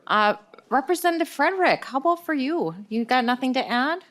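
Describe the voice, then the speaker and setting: A woman's voice: high voice, expressive, brisk, a bit bright. A woman chairing a legislative committee hearing, chatty and joking, with many fillers. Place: hearing room.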